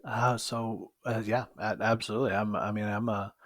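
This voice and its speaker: A man's voice: lowish voice, level tone, normal speed, fairly bright tone, no echo. A man hosting a podcast interview, talking hesitantly with many fillers. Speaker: podcast host. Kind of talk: casual conversational interview.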